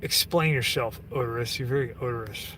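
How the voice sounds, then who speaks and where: A man's voice: mid-range voice, brisk, a bit bright, far from the mic, a little hiss or hum. Man ranting profanely on a livestream. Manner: profane, rambling, many fillers and restarts. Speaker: livestream host reading chat. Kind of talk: casual livestream rant.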